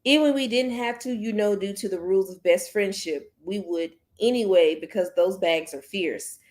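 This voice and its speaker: A woman's voice: medium pitch, normal speed, darkish tone, close to an everyday voice. A woman reading aloud, voicing an upbeat, teasing teen girl friend from a novel. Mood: playful.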